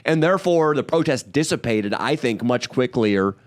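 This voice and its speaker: A man's voice: medium pitch, normal speed. A man co-hosting a podcast in crude, rambling casual banter. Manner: animated, rambling, crude jokes. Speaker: podcast co-host.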